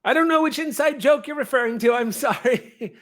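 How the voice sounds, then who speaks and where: A man voicing an excitable, friendly male gnome ship captain in a tabletop game, with a high, chipper, fussy manner. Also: a little fast. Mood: cheerful.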